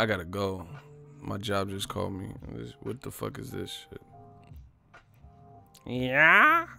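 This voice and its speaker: A man hosting a casual live stream, rambling and swearing, laughing often and acting out movie lines in loud, high voices. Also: vocal fry.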